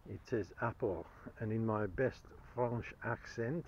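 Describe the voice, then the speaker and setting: Cheerful man, low voice, outdoors. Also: unhurried, lo-fi sound, slight background noise. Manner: cheerful, chuckling, enthusiastic about finds. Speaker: metal detecting vlogger. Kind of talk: chatty commentary to camera while detecting. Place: outdoors in a field.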